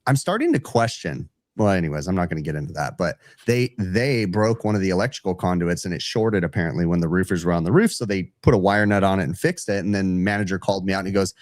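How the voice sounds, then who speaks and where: Animated storytelling HVAC guy, dry sound. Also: deep voice, quick pace, hardly any pauses, no room sound. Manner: animated storyteller, acts out customer dialogue, says dude. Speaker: podcast co-host, HVAC technician. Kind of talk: casual chat, storytelling.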